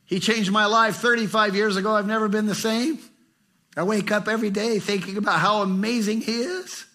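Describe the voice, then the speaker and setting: A middle-aged man preaches with fervor, his voice bright and a touch high. He swings from ringing emphasis to hushed, tender lines. The delivery is heartfelt and driven. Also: steady tone, a little fast. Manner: passionate, swinging between fervent and hushed. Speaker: pastor. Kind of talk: sermon.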